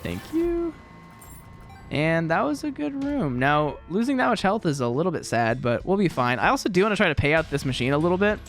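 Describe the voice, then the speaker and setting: A man's voice: on the high side, very animated, fast, few pauses, a bit bright, slight background noise. A young man giving casual, rambling gameplay commentary, laughing often and poking fun at himself while he tells stories from his teaching day. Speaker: gaming video creator and teacher.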